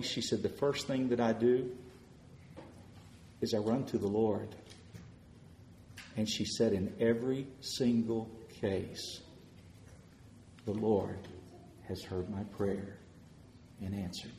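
A man preaching a sermon, telling stories of answered prayer and swelling louder as he retells people's words. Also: on the low side, fairly even intonation, slow, pauses often, roomy sound, a little hiss or hum.

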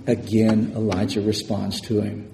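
A man's voice: on the low side, monotone, a little slow, gravelly, warm tone, a little hiss or hum. A man preaching a sermon in a church with an emphatic, repetitive cadence. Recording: echoey hall with long reverb.

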